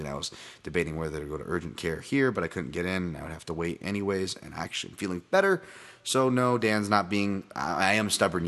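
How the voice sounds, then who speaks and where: A man with a somewhat low voice hosts a solo podcast. He talks loosely and rambles from tangent to tangent, swearing casually and often laughing at himself. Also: a bit bright. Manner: rambling, profane, self-deprecating, laughs often; many fillers and restarts, tangents. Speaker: podcast host.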